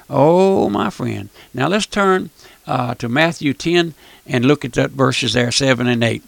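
A man's voice: medium pitch, animated, unhurried, gravelly, no room sound. A man preaching a fervent radio sermon, often repeating phrases and calling the listener "my friend". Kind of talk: fire-and-brimstone radio sermon.

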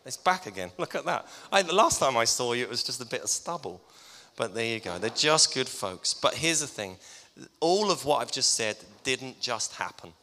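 A middle-aged man, a pastor giving a teasing, conversational farewell tribute in a church. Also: mid-range voice. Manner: warm-hearted, teasing, conversational preaching. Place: church hall, indoors. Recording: long reverb in a church hall.

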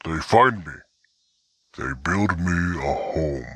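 An actor playing a shy, gentle male giant who speaks in short, broken phrases. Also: deep voice, animated, slow pace, husky, heavily acted. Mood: timid. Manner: broken simple speech, short words.

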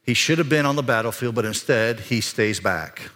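This expressive male preacher moves at a moderate pace through his sermon in a church sanctuary, keeping it conversational. Key lines push him higher and louder; serious passages pull him into quiet.

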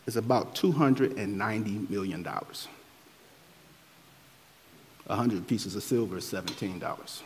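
A man preaches as pastor, reading scripture and explaining it in a preaching cadence that rises and falls in pitch and force. He is animated but a little slow, leaving long pauses, with a breathy edge. The recording has long hall reverb.

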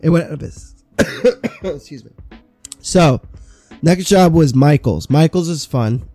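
A man in his thirties co-hosting a podcast tells stories about his old jobs in casual chat, swearing freely and dropping quoted asides. His voice is on the high side, warm, and lively in intonation, with a slow pace. The recording has no echo and faint music behind it.

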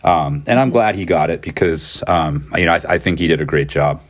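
Brief: low-voiced male podcast co-host, casual film talk, loose and rambling. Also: a little fast. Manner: rambling, many fillers and restarts.

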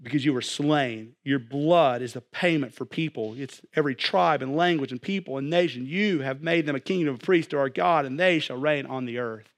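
A young adult man preaching a sermon, animated, swinging from loud to hushed. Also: medium pitch, moderate pace, few pauses. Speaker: pastor.

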